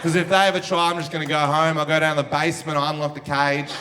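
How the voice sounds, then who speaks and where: Brash high-voiced comedian. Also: male voice, flat delivery, fast talker, heavy background noise. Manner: brash, profane, punchy delivery. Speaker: stand-up comedian. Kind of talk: stand-up comedy set. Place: comedy club stage with live audience. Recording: live show with loud crowd laughter.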